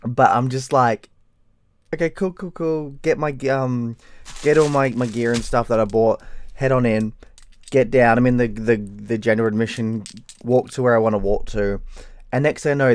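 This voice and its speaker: A tired Australian man telling a rambling story in a casual vlog, swearing freely. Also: no echo. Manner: rambling, swears freely, mimics people in high voices. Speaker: vlogger.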